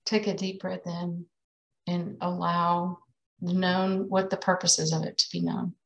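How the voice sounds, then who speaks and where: Gravelly woman guiding a healing session. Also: lowish voice, little pitch movement, measured pace, dull audio. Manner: gentle, guiding prompts.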